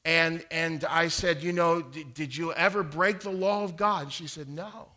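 A man's voice: fairly high pitch, steady tone, a little slow, pushed and bright. A middle-aged man preaching earnestly, teaching how to share the gospel, reciting King James verses and stumbling on repeated words. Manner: earnest, repeats words when starting sentences. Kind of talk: evangelism teaching talk.

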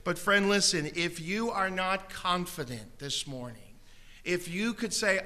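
Bright-voiced pastor preaching a sermon. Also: male voice, high voice, normal speed. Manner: storytelling with gentle humor, pleading altar call. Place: church auditorium.

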